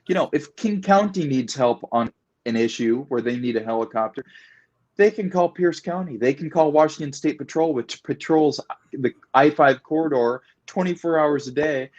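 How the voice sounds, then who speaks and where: A man with a fairly high-pitched voice talks his way through a political discussion. He hammers points home by repeating them and lets his stories grow animated as he goes. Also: normal speed, highs cut off. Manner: emphatic, repetitive, animated storytelling. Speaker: guest. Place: Puget Sound area.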